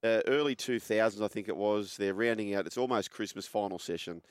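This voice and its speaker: A man's voice: fairly low pitch, a little fast, dry recording, clean studio sound. An Australian man hosting a casual sports chat, telling a story and acting out the quotes. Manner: animated storyteller, acts out quoted voices. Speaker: host.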